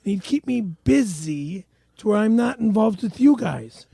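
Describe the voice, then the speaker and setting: A man co-hosting a comedy podcast, talking in halting bursts with stumbling restarts. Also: high voice, lively intonation, creaky, dark tone, husky, dry recording. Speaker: podcast co-host.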